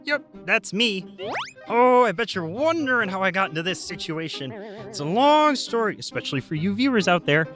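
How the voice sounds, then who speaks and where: A man's voice: high voice, sing-song, moderate pace, fairly bright tone. A man doing a silly old-timey cartoon narrator. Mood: playful. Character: goofy cartoon narrator caught in a mess. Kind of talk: voice acting audition clip. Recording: music and cartoon sound effects behind.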